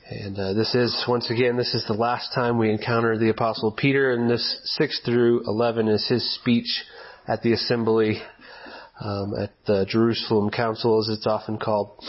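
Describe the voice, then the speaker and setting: A male pastor with a stuffy, nasal voice from illness, speaking at a middling pitch. He moves from relaxed, apologetic talk into prayer and a steady scripture reading. The recording sounds a little muffled. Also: unhurried. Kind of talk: sermon.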